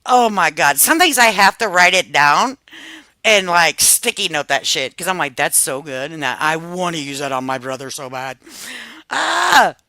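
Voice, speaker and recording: A woman's voice: low voice, moderate pace, pushed and bright, dry recording, rough recording. A woman in her fifties chatting casually on a livestream, telling family stories with a lot of cursing and laughter. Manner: profane, laughing storyteller. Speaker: livestream host.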